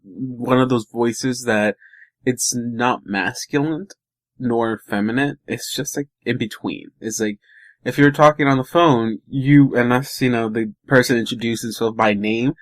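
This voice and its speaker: A man's voice: mid-range voice, unhurried, no echo. A man playing in a tabletop game, chatting casually and thoughtfully, loose with fillers. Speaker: player. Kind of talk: casual chat.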